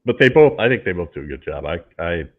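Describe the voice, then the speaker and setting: A man with a low voice on a film review podcast, pausing and filling with ums as he checks cast facts. His sound comes through thin and tinny, like a phone line. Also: big pitch swings. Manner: hesitant, many ums, looks up cast facts. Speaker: podcast co-host. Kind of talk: casual film review chat.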